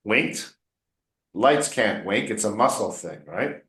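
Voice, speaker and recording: A man's voice: on the low side, animated, slow, a bit bright. A man coaching English one on one, patiently explaining words and drilling pronunciation by repeating them. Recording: roomy echo.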